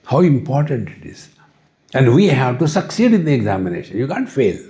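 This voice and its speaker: A man with an Indian English accent giving a spiritual discourse at a retreat, unhurried, often asking "See?" and chanting Sanskrit verses. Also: mid-range voice, very animated, mellow. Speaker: spiritual teacher. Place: retreat hall.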